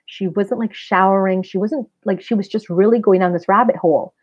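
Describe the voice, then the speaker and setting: A woman's voice: mid-range voice, brisk, slightly rough. A woman in her forties, a spiritual reader and wellness center owner, chatting casually and earnestly with her live-stream viewers and addressing them directly. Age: 40s. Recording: tinny phone-like sound.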